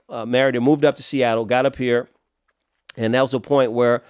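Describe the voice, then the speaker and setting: Throat-clearing streetwise storyteller man. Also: mid-range voice, fairly even intonation, normal speed, no room sound, clean studio sound. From Los Angeles, USA. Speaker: podcast guest. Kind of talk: storytelling in a casual interview.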